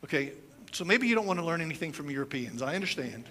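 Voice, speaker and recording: A man's voice: fairly high pitch, sing-song, fast, a crowd in the background. A man in his fifties from the United States preaching a conversational sermon, telling stories with playful asides and demonstrations. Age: 50s. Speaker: pastor.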